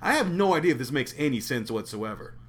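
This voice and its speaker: A man co-hosting a casual podcast about a film, talking with animated stops and restarts. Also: medium pitch, quick pace, a little hiss or hum. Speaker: podcast co-host.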